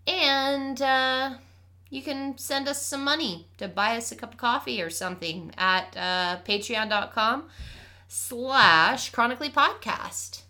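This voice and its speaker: A woman's voice: a little high, a little slow, bright, forceful tone. A woman hosting a podcast, chatty and playful, rambling through casual talk and sign-offs. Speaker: podcast host. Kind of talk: casual chat.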